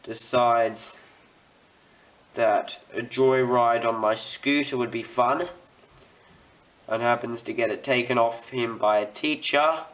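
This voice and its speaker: Young man, Australian accent, slow pace, mid pitch, chatty, rambling hobby tutorial. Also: a bit bright. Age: student. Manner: rambling, chatty, talks while working. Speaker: model railway hobbyist.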